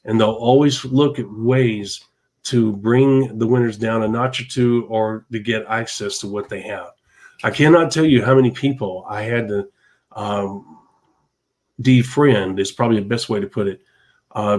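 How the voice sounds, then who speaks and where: A man's voice: medium pitch, a little mellow. Emphatic man preaching motivation. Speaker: podcast host. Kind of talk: motivational monologue.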